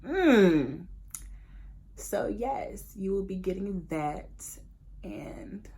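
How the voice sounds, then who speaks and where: A young woman, telling a candid, animated personal story as a casual storytime vlog, full of slang and laughter. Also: mid-range voice, extremely slow, slight background noise. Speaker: vlogger.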